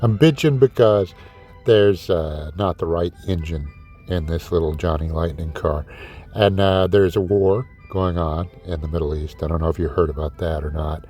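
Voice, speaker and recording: A man's voice: deep voice, moderate pace, mellow, soft background music. A man hosting a diecast car vlog in a casual, exasperated ranting way, swearing often and sarcastically calling his viewers kids. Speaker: diecast collector host.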